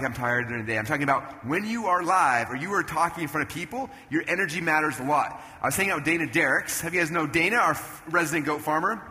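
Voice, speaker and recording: A man in his thirties giving an energetic stage talk at a business event, telling animated stories and jumping into loud character voices. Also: fairly high pitch. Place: event stage in a large hall. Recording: long hall reverb, faint room noise.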